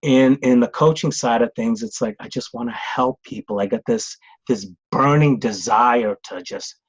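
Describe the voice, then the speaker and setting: A man's voice: medium pitch, normal speed, slightly rough, dry recording. A middle-aged man with a Boston accent talks casually as a podcast guest. He rambles and restarts his sentences, leaning on "it's like". His voice comes through slightly dull and lo-fi, as if over a remote call. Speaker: guest, grief coach and author. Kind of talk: casual conversational interview.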